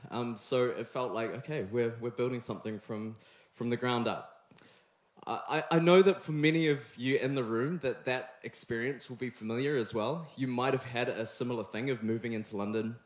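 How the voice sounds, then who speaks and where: A man's voice: medium pitch, normal speed. Young New Zealand man preaching, chatty and playful with the crowd, reverberant church hall. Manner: friendly, joking, chatty with the room. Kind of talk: sermon. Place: church hall before a live congregation.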